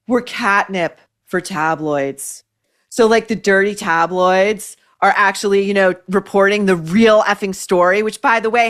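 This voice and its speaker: A woman hosting a podcast, delivering scornful, sarcastic opinion commentary with lively emphasis. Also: medium pitch. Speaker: podcast host.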